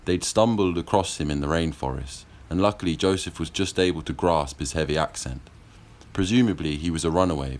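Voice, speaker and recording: A man with an extremely deep voice narrates a historical novel as an audiobook. His reading is measured and steady. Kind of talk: scripted narration.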